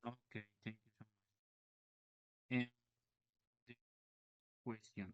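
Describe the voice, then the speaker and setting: Slow, halting man learning English. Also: fairly low pitch, level tone, smooth, no echo, lo-fi sound. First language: Spanish. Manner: hesitant, halting. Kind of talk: reading prepared interview questions.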